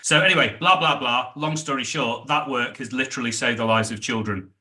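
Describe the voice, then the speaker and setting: A middle-aged British man, a sales trainer, telling animated stories in a podcast interview and acting out the dialogue. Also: medium pitch, fairly quick. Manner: animated anecdotes, acts out quoted dialogue.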